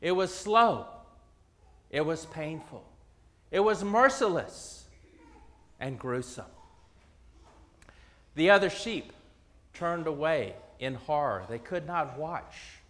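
A man telling a parable in a sermon, dramatic, with long pauses and swings from loud to hushed. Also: on the high side, expressive, long reverb tail.

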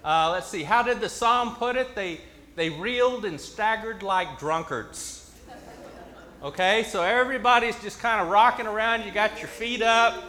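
A man leading an interactive Bible story in church, coaxing his listeners to make sound effects and shouting the quoted lines himself. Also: high-pitched, unhurried. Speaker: preacher leading a children's message.

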